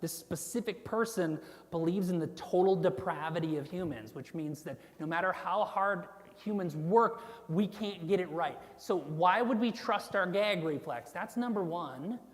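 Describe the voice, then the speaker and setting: A woman's voice: lowish voice, normal speed, few pauses, big-room sound. A woman pastor giving a conversational sermon, with casual fillers and asides to the congregation. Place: church sanctuary.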